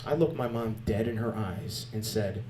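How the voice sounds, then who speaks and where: A man doing stand-up comedy on a club stage, animated and crude, chatting with the crowd. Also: on the low side, moderate pace, slight background noise.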